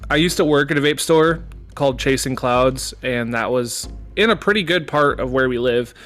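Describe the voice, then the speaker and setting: A young man co-hosting a casual podcast chat, relaxed and rambling, swearing now and then. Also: mid-range voice, normal speed, soft background music. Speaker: podcast co-host.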